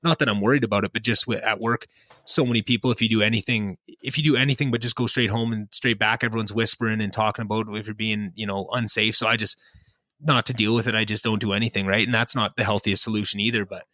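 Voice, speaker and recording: A man's voice: lowish voice, fairly even intonation, fast talker, sharp tone, dry recording. A young man hosting a podcast, chatting casually and rambling with many restarts and self-deprecating asides. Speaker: podcast host. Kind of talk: casual chat. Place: home basement. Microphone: podcast mic.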